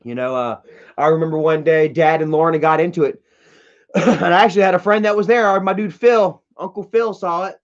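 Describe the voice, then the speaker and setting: Blunt high-voiced man on a livestream. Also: steady tone, fairly quick. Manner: blunt and profane, reads chat comments aloud. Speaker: livestream host reading chat. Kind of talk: candid casual livestream rant. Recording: dull lo-fi stream audio.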